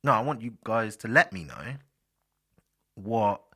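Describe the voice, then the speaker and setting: A man's voice: lowish voice, sing-song, measured pace, bright, forceful tone. A man hosting a solo podcast, chatting casually and rambling with fillers, speaking directly to his listeners. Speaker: podcast host.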